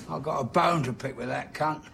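A man's voice: fairly high pitch, moderate pace, gravelly, a bit bright, a little hiss or hum, pitched above the performer's own voice. A man voicing a foul-mouthed, scornful old pub regular. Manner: cursing, scornful.

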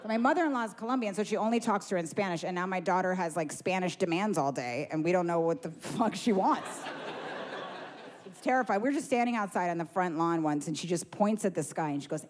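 A woman's voice: lowish voice, fairly quick. A woman in her thirties doing a stand-up set, rambling through stories with lots of fillers. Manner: rambling, filler-heavy, animated storytelling. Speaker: stand-up comedian. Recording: noisy live recording.

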